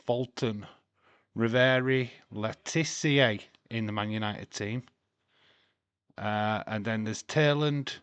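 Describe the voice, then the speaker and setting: A man's voice: mid-range voice, a bit bright, dry recording. Chatty swearing man hosting a watch-along. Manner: chatty, swears freely, laughs often, reads scores aloud. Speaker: live stream host. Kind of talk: casual live watch-along commentary.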